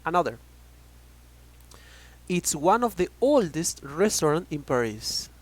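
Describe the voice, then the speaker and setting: A man's voice: on the high side, sing-song, rough recording. A man teaching an online English grammar lesson, drawing out example words and checking in with "okay?". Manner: repeats words slowly, checks in with frequent "okay?".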